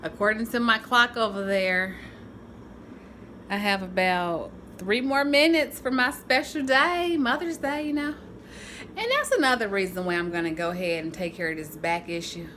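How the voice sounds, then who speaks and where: A woman vlogging casually to the camera, chatty and animated, often laughing and using folksy, churchy phrasing. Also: medium pitch, normal speed, slight background noise. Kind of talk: casual vlog talk to camera.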